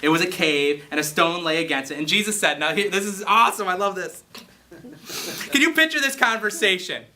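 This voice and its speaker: Bright-voiced man preaching a casual sermon. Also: sits high, brisk. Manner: jokey asides, rising to passionate emphasis. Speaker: pastor. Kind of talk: casual sermon with Bible reading.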